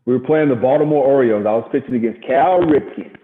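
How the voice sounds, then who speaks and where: A middle-aged man from Gary, Indiana, a former baseball pitcher, telling stories in a casual interview and acting out quotes. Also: quick pace, a little hiss or hum. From Gary, Indiana, USA. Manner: animated storyteller acting out quotes. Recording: echoey, tinny phone-like sound.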